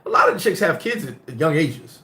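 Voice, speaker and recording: A middle-aged man who grew up in the United States, hosting a casual live-stream chat and telling stories in a blunt, profane, animated way. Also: a little high, fast. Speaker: host.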